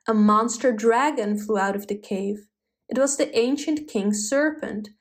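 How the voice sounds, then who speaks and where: A woman narrating a folk tale in an expressive, dramatic storybook style. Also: a little high.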